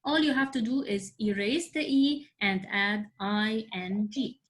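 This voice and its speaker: A woman teaching an online English grammar class, explaining slowly, spelling things out letter by letter and often checking that students follow. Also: mid-range voice. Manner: slow, spelled-out explanations with frequent check-ins. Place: at home on a video call. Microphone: video call.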